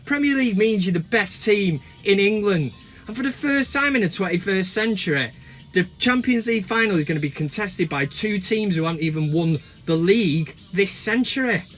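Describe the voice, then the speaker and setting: Cheeky high-voiced man chatting football. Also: moderate pace, faint music behind. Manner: cheeky, animated banter with swearing. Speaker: host. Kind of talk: casual football chat. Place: inside a van while driving.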